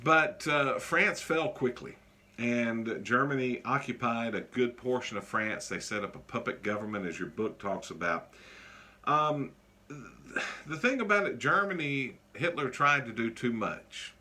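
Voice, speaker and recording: A male teacher giving a casual classroom lecture, joking often and pausing on many fillers. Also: medium pitch, animated, pushed and bright.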